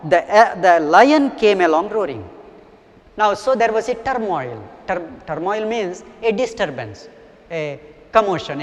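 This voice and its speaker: A man lecturing on a story, explaining words patiently and checking with "okay?". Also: high-pitched. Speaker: English lecturer. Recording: long echoing reverb.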